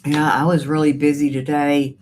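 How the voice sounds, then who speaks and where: A woman's voice: sits low, flat delivery, moderate pace, darkish tone. A woman hosting a casual livestream from home, chatting and greeting viewers by name. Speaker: livestream host reading viewer chat. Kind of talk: casual live chat. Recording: faint background noise.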